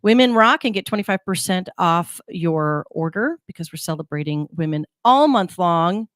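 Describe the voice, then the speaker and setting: Chatty woman radio host, low voice. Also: animated, moderate pace, no echo, clean studio sound. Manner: chatty, rambling with fillers and restarts. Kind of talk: casual morning radio chat.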